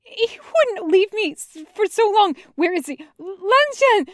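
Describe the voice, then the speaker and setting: A woman reading a podfic, voicing a terrified young man whose shaky, high voice breaks as he pleads. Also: animated, slow, no room sound, studio quality, full character voice.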